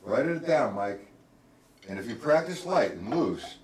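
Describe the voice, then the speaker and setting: A man's voice: medium pitch, animated, a little slow. A man teaching a live-streamed drum lesson, counting strokes aloud as he plays and calling on viewers by name. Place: indoor room, live stream. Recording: roomy, distant mic with clear noise.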